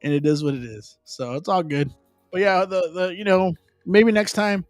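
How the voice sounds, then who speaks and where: A man's voice: high-pitched, moderate pace, no room sound, studio quality, soft background music. A man, chatting casually as a live stream host, rambling loosely with slang and Spanish asides. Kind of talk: casual chat.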